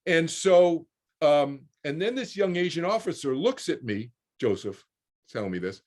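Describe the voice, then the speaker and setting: Man, 60s, mid-pitched, animated storyteller who repeats himself mid-thought, heard over a video call. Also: a little slow. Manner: repeats words while finding his thread, voices other people in quotes. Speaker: interview guest, author.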